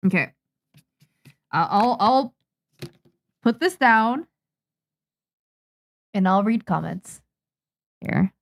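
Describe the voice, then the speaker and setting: A young Japanese woman, a manga artist, chatting casually on a livestream while she draws, muttering and calming herself down. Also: medium pitch, extremely slow, creaky, long pauses. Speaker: manga artist streaming her drawing.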